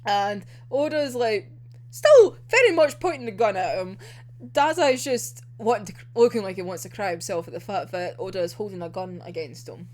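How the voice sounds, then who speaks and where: A woman giving an emotional, excitable casual recap of a manga volume, swearing and acting out characters' lines. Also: medium pitch. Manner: emotional, swearing, laughing and groaning over the story; acts out characters' lines in quick quoted asides. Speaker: manga reviewer.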